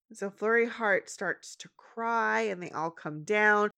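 A woman's voice: measured pace, gravelly, clear, resonant tone. A woman in her thirties, recapping a cartoon episode in casual chat and acting out the characters' lines. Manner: animated, acts out characters' lines in a high voice. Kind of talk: casual chat, retelling with voiced quotes.

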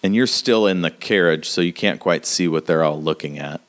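A man narrating a tabletop role-playing game as game master, halting with many fillers. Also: sits low.

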